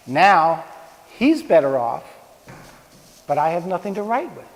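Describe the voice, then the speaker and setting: A man giving an informal, conversational talk on ethics to a live audience, with props and pointing. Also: sits high. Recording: long reverb of a hall.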